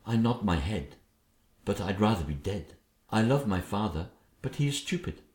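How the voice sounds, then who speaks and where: A man's voice: on the low side, very animated, moderate pace, darkish tone. A man voicing a meek young girl who mutters sardonic asides. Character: sweet but sly young princess, girl, resentful. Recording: echoey room.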